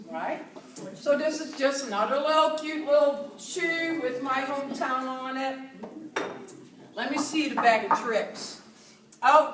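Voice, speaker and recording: A Dutch-accented woman in her fifties talks to a group in a lively, chatty way, laughing easily. Her pitch sits a little high and swings widely. She is recorded from a distance in an echoey room. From southern Netherlands. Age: 50s. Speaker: speaker giving a talk to a group. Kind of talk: casual talk to an audience.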